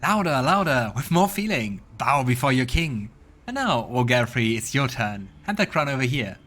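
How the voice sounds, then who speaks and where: A man's voice: medium pitch, sing-song, moderate pace, fairly bright tone. A man voicing a pompous, greedy male mercenary who dreams of being king, bossy and boastful.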